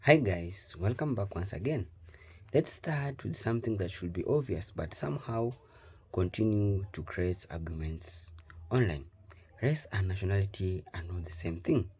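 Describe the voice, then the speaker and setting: A male reaction channel host with a Jamaican accent, giving measured, explanatory scripted commentary. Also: low voice, expressive, dark tone, breathy edge.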